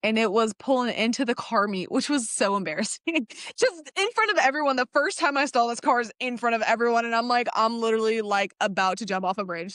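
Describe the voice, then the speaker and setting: A young adult woman telling a casual story in an animated way, laughing often and acting out the lines of the people in it. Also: fairly high pitch, fast, no echo, studio quality. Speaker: guest telling her car story.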